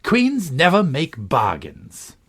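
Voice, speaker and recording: This is a stern, haughty queen from a storybook who talks down to everyone, voiced by a male reader. She lectures in an imperious, raised voice. The tone is breathy, and the pitch swings widely. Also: wildly swooping pitch, measured pace, exaggerated voice.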